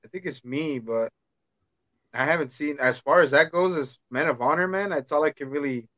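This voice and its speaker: A man's voice: fairly high pitch, normal speed, dry recording. Male podcast guest, unsure and trailing off, dry dull remote audio. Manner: hesitant, quiet, trailing off. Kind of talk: casual live-stream chat.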